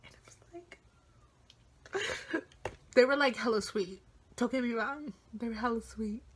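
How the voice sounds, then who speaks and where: Young woman vlogger, 18, excited storytelling with heavy swearing and whispered asides. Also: fairly high pitch, unhurried, slight background noise. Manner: animated, swears a lot, drops into whispers. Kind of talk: casual storytime vlog.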